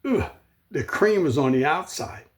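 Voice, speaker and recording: A man's voice: on the high side, expressive, unhurried. A man hosting his own comedy show, telling jokey, rambling stories in a monologue. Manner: jokey, rambling storytelling with whoops and laughs. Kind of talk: comic monologue.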